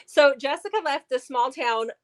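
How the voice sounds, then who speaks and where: A woman's voice: high voice, normal speed. A woman co-hosting a book review show, chatting casually and animatedly with lots of fillers. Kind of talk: casual chat.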